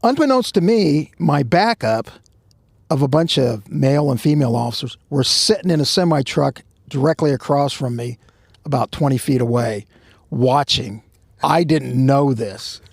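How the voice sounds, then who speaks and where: A man's voice: medium pitch, animated, moderate pace, vocal fry, dry recording, studio quality. A man and former undercover cop on a podcast, telling a rambling, self-mocking story with quoted dialogue. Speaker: podcast co-host, former undercover police officer. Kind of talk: casual storytelling.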